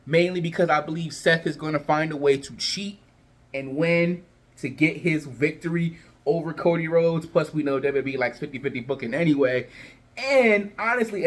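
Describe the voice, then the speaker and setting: A man vlogging his predictions in a loose, chatty way, full of fillers and restarts, his voice cracking a little. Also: fairly high pitch. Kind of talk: casual chat to camera.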